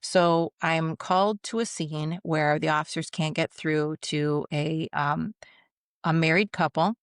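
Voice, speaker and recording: Gravelly, flat-voiced woman telling stories. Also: deep voice, unhurried, dry recording, studio quality. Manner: vivid, anecdotal, acts out quoted voices. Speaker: guest, retired police commander. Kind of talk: conversational storytelling.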